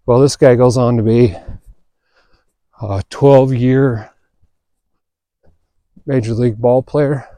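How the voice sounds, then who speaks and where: A man hosting a podcast, telling a story in a relaxed, chatty way and acting out the quoted dialogue. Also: medium pitch, measured pace, long pauses, no echo, studio quality. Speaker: podcast host. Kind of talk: casual storytelling monologue.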